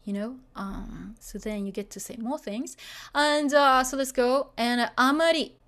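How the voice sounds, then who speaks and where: A woman's voice: on the high side, unhurried, fairly bright tone. A woman teaching a beginner Japanese lesson, chatty and full of fillers, often checking that the learners follow.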